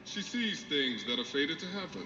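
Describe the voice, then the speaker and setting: A silky, taunting film villain. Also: male voice, on the high side, sing-song, normal speed, pushed and bright, a little hiss or hum. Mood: menacing. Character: sinister, scheming male villain. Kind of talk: film dialogue. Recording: roomy, dull film soundtrack.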